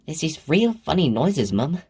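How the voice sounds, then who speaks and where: Man putting on a high, pouty little girl, sulky, curious, storybook reading. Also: big pitch swings, measured pace, darkish tone, slightly rough, exaggerated voice. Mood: sleepy. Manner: pouty, plaintive child talk.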